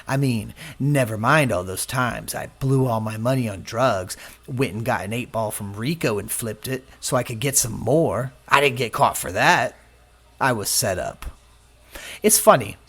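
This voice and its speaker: A male preacher delivering a sermon with a lively, swinging pitch. He tells his own story and slips into the voices of the people he quotes. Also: vocal fry, breathy edge. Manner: personal testimony, acts out quoted voices.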